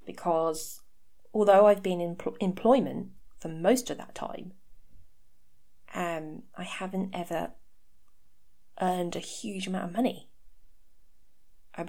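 A podcast host in her thirties speaks in a mellow, lowish voice through a home mic. Her talk is frank and personal, laced with dry sarcasm.

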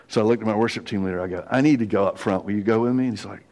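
A middle-aged pastor preaching a confessional sermon, telling a personal story with quoted voices. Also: male voice, lowish voice, fairly even intonation, very fast, few pauses, a little mellow.

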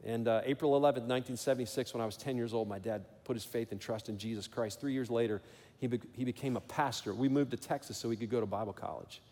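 A man's voice: mid-range voice, steady tone, fast talker, dark tone, long reverb tail. A middle-aged man preaching a sermon as pastor, telling a personal story earnestly and building to emphatic calls to action.

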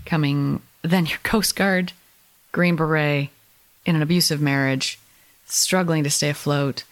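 A woman's voice: low-pitched, steady tone, measured pace. A woman hosting a podcast interview, reflective and asking questions in casual chat. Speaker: podcast host.

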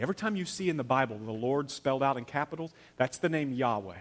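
A man preaching a sermon, telling a story with dramatic swings from loud to hushed and acting out the characters' lines. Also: medium pitch, animated, fast talker, few pauses. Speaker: pastor.

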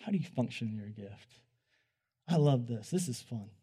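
A young man giving a conversational sermon, animated and joking, often restarting his sentences. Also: mid-range voice, moderate pace, slightly rough. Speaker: preacher.

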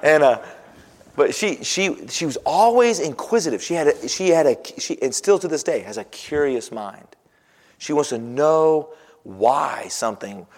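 Male pastor mid-sermon: folksy and animated storyteller, voice sits on the high side. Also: measured pace. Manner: folksy storytelling, swinging from soft asides to loud exclaiming.

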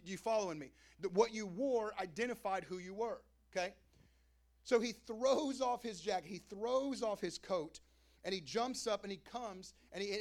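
A young man preaching a sermon as the pastor, in a casual, conversational way with slangy asides. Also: high-pitched. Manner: casual preaching, acts out crowd and Jesus in quoted voices.

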